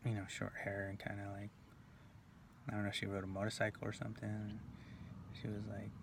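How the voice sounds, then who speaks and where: Low, flat-voiced man rambling through a story. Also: vocal fry, noisy background. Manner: halting, full of fillers and restarts, drops to near whispers. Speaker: video blogger.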